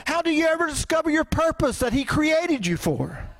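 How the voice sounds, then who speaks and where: A man's voice: very high-pitched, sing-song, moderate pace. A male pastor preaching a sermon in a conversational way, full of rhetorical questions. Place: church.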